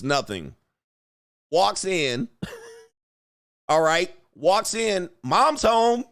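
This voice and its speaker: A man hosting a livestream in a slightly higher voice. He rants casually and swears freely. He jumps into bursts of quoted voices as he goes. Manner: animated, profane, acts out quotes. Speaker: livestream host. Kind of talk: casual commentary rant.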